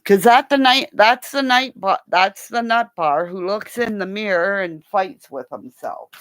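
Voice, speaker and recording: An older woman wraps up her livestream at home, speaking into her computer mic in an expressive, unhurried way. Her voice is medium-pitched and a bit bright as she rambles through the sign-off chat with crude jokes.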